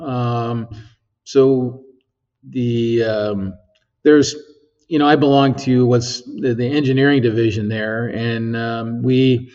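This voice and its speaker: A man's voice: mid-range voice, flat delivery, slow, a little mellow. A man working as an engineer at a physics lab, explaining his work in a casual interview, rambling with many ums and tag questions. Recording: slightly dull lo-fi sound.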